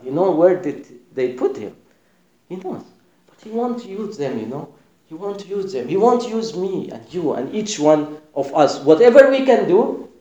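A man preaching a sermon with passion, dropping to a hush and then rising loud. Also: on the high side, roomy sound, muffled recording. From Sudan. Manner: impassioned, swinging between hushed and loud.

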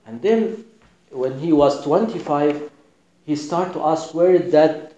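A man preaching a sermon with passion, dropping to a hush and then rising loud. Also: a little high, slow, echoey room, poor audio. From Sudan. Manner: impassioned, swinging between hushed and loud.

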